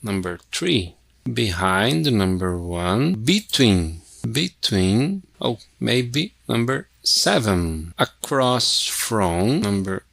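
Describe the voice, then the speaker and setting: Guy teaching english, super slow, gravelly, dry close mic. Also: fairly low pitch, fairly bright tone, dry recording. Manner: thinks aloud, repeats words. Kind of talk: casual classroom walkthrough.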